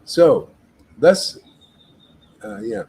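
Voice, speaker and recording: A man's voice: high-pitched, lively intonation, very slow, gravelly, darkish tone, a little hiss or hum, poor audio. A man leading a devotional meetup, preaching in an emphatic, casual way and often tagging his sentences with "man". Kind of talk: informal devotional sermon.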